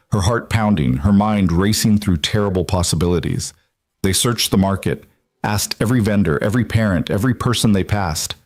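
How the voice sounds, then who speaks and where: A man giving scripted narration of a story in an even, measured way. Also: on the low side, dry recording, clean studio sound.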